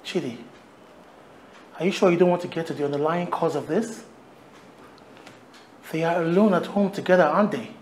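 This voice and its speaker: Skeptical friend, a bit high-pitched, played by a man, faint noise behind. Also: moderate pace, long pauses, a little mellow, natural voice. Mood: questioning. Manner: questioning, mildly teasing.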